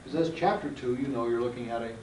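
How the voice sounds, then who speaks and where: In a rapid-fire, slightly mellow mid-range voice, a man teaches a research seminar in a lecture room, quizzing his students in a folksy, emphatic manner. The archival classroom tape is roomy and distant, with a little hiss or hum.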